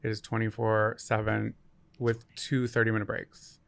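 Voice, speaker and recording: Wry guy cohost, gravelly voice, dry jokes, dead dry mic. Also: on the low side, monotone, normal speed, fairly bright tone, no room sound. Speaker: podcast co-host. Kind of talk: casual podcast chat.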